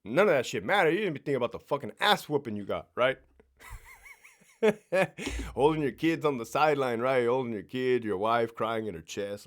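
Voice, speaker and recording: A man's voice: medium pitch, lively intonation, normal speed. A man, a former prison sergeant, ranting bluntly and profanely in a casual vlog, often repeating and restarting words.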